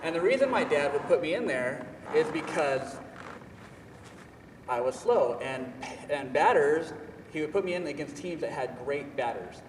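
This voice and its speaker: Young guy telling a story, animated and self-mocking, kinda far from the mic, echoey hall. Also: on the high side, slight background noise. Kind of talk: personal storytelling talk.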